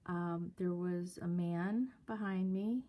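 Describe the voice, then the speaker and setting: A woman's voice: fairly low pitch, slow, dark tone. A woman telling a story to camera in a casual, hesitant way. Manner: hesitant, many fillers. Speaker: vlogger.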